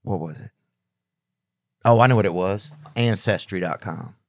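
A man's voice: deep voice, measured pace, no room sound. A man hosting a podcast, chatting casually and throwing in crude jokes. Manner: joking, crude asides. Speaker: podcast host. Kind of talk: casual chat.

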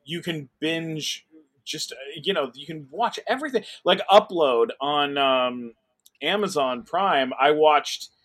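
A young adult man chatting casually as a podcast guest, rambling with lots of fillers and restarts and getting excited. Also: a little high, measured pace. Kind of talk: casual chat.

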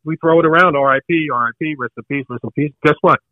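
An older man rattles off a story at speed, his voice a little high for a man and lively as he acts out each person in it. The recording is dry and a bit muffled. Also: quick pace, dry recording. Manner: animated, acts out the other people in his story. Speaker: podcast co-host telling a story. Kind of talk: casual storytelling.

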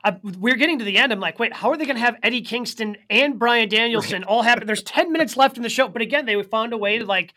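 A co-host in a casual wrestling chat, talking fast and chatty with frequent restarts. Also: mid-range voice, bright, forceful tone. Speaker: podcast co-host.

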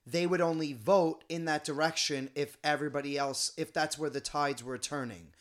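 A man's voice: a little high, fairly even intonation, normal speed. A man co-hosting a podcast, asking questions in a curious, chatty way. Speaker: podcast co-host. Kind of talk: casual podcast chat.

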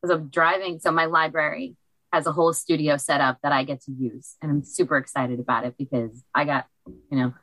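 A woman guest chatting excitedly from a small library recording studio into a cheap microphone. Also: deep voice, fairly quick, dry recording, rough recording. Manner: bubbly, excitable. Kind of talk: casual chat. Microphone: cheap desk microphone.

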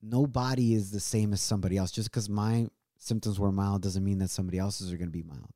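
A man's voice: fairly low pitch, steady tone, fast talker, dark tone, no room sound. A man, talking earnestly in a casual heartfelt chat from a home studio. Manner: earnest, mixes in Spanish words. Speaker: co-host.

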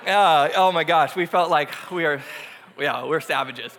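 A man in his thirties, a youth pastor telling a lively personal story in a sermon, acting out the screams as he goes. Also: fairly high pitch, measured pace, slight background noise. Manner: animated storyteller, acts out screams.

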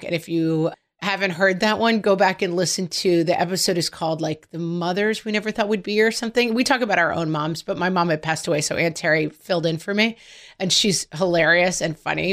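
A middle-aged woman co-hosting a podcast, chatting casually and telling animated stories. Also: lowish voice. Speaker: podcast co-host.

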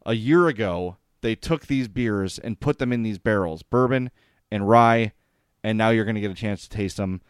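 Guy hosting a hockey podcast, excited and chatty, smooth clean voice, dry sound. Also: on the low side, normal speed, no echo. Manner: enthusiastic, chatty, gets choked up. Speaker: podcast host. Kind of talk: casual sports podcast chat with sponsor reads.

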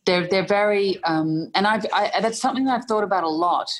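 A woman with an Australian accent, a guest in an interview, telling animated stories and laughing often. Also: medium pitch, brisk, a little hiss or hum. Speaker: guest actor. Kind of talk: animated anecdotal storytelling.

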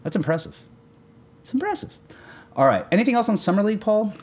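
Excitable young man co-hosting a sports podcast. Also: racing. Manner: excitable, jokey, pitch jumps up when animated. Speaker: podcast co-host. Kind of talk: casual sports podcast chat.

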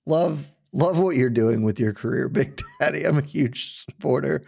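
Gravelly-voiced man joking on a podcast. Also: mid-range voice, normal speed, darkish tone. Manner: joking, wry banter. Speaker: podcast co-host. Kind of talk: casual sports-betting chat.

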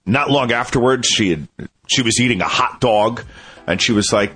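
A man with a low, husky voice tells a chatty story, swinging his pitch up and down as he goes. He sounds amused with himself throughout. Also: animated, moderate pace, sharp tone, faint music behind. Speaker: show contributor. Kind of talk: casual storytelling monologue.

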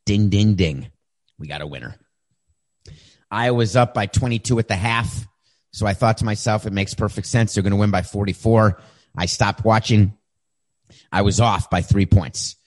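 A man hosting a talk show monologue, wry and emphatic, moving between quick asides and slow, deliberate points. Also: fairly low pitch. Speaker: show host. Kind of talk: monologue commentary. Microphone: camera setup.

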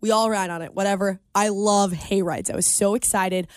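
A young woman co-hosting a radio show, telling a story in an animated way and laughing often. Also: medium pitch, normal speed, dry recording, clean studio sound. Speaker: radio co-host. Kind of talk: casual radio chat.

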